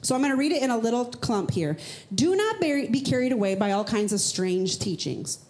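A woman pastor preaching a sermon in church, speaking casually and with emphasis, sometimes jumping up high for rhetorical questions. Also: big pitch swings, brisk, a little mellow.

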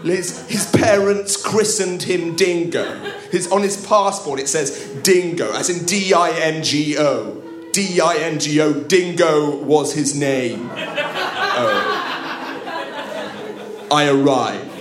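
A man performs a comic story before a live audience in an echoing room. His voice sits a little high for a man. He delivers it wryly and theatrically, breaking off to talk straight to the crowd. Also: slow pace. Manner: wry, theatrical, with asides to the audience. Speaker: comedian storyteller. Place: live comedy venue. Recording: echoey room at a live show.

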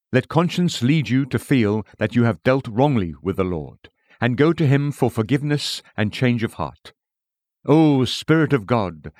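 A man's voice: mid-range voice, a little mellow, no room sound, studio quality. A man reading an old-fashioned sermon aloud in an earnest, pleading manner. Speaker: preacher. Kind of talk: read sermon.

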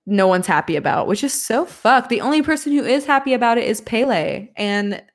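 A woman's voice: a little high, lively intonation, brisk. A woman on a podcast panel discussing a film in casual chat, retelling scenes bluntly and swearing freely.

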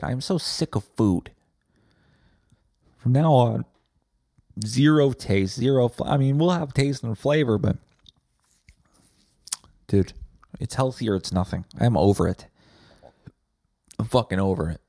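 A man's voice: on the low side, gravelly, darkish tone, no room sound, clean studio sound. A man hosting a podcast, ranting in a crude, heavily profane casual monologue. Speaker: podcast host.

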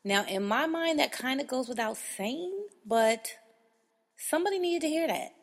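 A woman's voice: high-pitched, expressive, measured pace, vocal fry, big-room sound. A woman hosting a casual monologue in a blunt, frank, exasperated way, with profanity. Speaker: podcast host.

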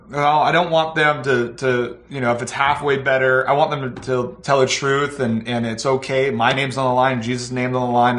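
A man telling a church story with animated energy, acting out the people in it and laughing as he goes. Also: medium pitch. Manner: lively, acts out the voices in his story, laughs as he tells it. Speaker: pastor telling a testimony. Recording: echoey room.

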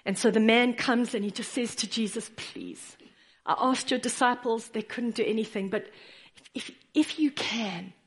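A woman preaching a sermon in an earnest way, rising to firm declarations and dropping to soft, pleading tones. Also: on the high side, moderate pace, slightly rough.

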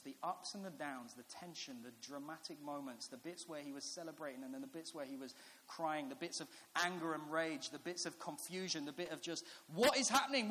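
A man's voice: fairly high pitch, fairly bright tone. A man, preaching a sermon in a chatty storytelling way that builds to earnest reflection. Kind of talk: sermon with personal stories. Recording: echoey hall with faint hiss.

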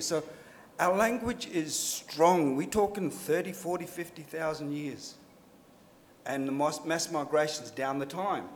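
A fairly high-voiced man with an Australian accent speaks on a public panel. He talks bluntly and emphatically, with wry humor. The sound rings with the long reverb of a lecture hall. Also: slight background noise. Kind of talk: panel discussion.

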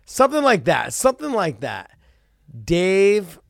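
Excitable male podcast host, brash and bouncy, a bit higher voiced. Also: unhurried, vocal fry, no echo, studio quality. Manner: excitable, swears freely, loud outbursts. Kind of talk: casual chat.

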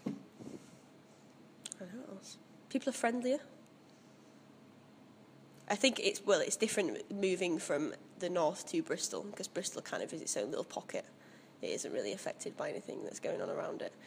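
A young woman answers interview questions in an easy, opinionated way and laughs often. Her voice is slightly low with a gravelly texture. Her pitch moves a lot. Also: lively intonation, moderate pace, pauses often, slight background noise. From Leeds area, Northern England. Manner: chatty and opinionated, with frequent laughs. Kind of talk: casual interview chat.

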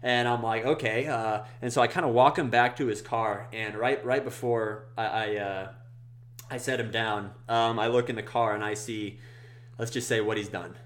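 A young man on a podcast, telling a story casually and acting out the people in it. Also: normal speed. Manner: animated, acts out quoted people in a high voice. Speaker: podcast co-host.

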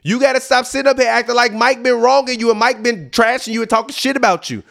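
A man with a high, gravelly voice rants on his sports podcast. He talks emphatically and profanely. His outbursts swing into low, muttered asides. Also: fairly even intonation, quick pace, a bit bright. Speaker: podcast host. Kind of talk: heated sports rant.

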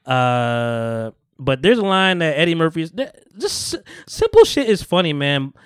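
A man's voice: on the high side, sing-song, unhurried, fairly bright tone, clean tone, dry recording. A man hosting a podcast, casually retelling film scenes and acting out the quotes with lots of laughter. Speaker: podcast host. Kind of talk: casual chat.

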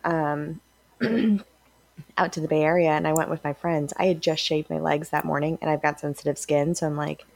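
A woman from California with a low voice rambles easily through casual podcast chat. The sound is dry and close, with no room around it. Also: steady tone, moderate pace, vocal fry, a little mellow, dry recording. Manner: rambling, easygoing. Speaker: podcast co-host.

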